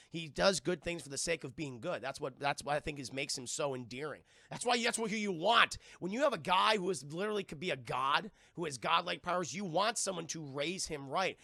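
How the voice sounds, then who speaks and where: A man reviewing a film on a live stream to his chat, animated and profane, acting out scenes as he retells them. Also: on the high side, gravelly, dry recording, studio quality.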